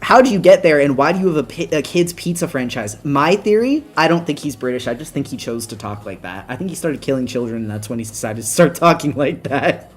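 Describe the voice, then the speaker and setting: A co-host in their twenties chatting casually, rambling and laughing through quick asides. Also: mid-range voice, lively intonation, breathy edge. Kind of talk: casual chat.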